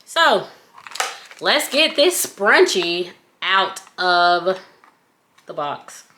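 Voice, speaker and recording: A woman's voice: lowish voice, sing-song, extremely slow, sharp tone, a little hiss or hum. A woman with a Southern US accent, chatting playfully through a casual product review on her own vlog. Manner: chatty and playful, breaks into little sing-song bits. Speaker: scrunchie shop owner reviewing a product.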